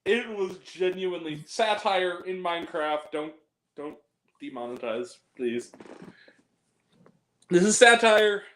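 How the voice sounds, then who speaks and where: A man's voice: high voice, animated, takes it slowly, long pauses, fairly bright tone. A man reviewing a film on a podcast in casual chat, swearing freely and often breaking into laughter. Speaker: podcast guest. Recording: roomy echo.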